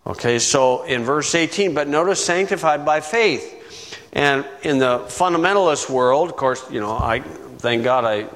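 A man preaching a sermon, teaching verse by verse in a conversational way, with chuckling asides and key words drawn out slowly. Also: mid-range voice, fairly bright tone. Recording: long reverb from the room.

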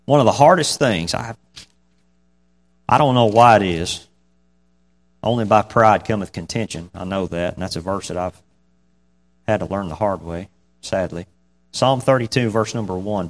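A man's voice: fairly low pitch, normal speed, pauses often. A man preaching a casual, folksy sermon. He reads scripture and then talks it through in a conversational way, chuckling between points.

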